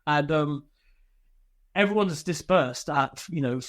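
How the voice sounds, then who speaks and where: A man's voice: on the high side, takes it slowly, no room sound. A man, telling candid stories from army life as an interview guest, swearing freely and laughing through them. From Britain. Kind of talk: casual interview storytelling.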